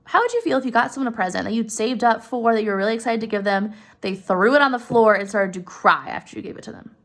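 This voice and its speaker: A woman casually retelling a story, turning often to ask her listeners questions and filling pauses freely. Her voice is fairly high and has a gravelly, creaky texture. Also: animated, a bit bright. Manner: chatty, addresses listeners directly, many fillers.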